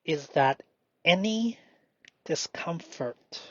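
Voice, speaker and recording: A man doing a slow, meditative spoken self-reflection, halting and often dropping into a whisper. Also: on the high side, animated, no room sound. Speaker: solo performer. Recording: dull lo-fi dry recording.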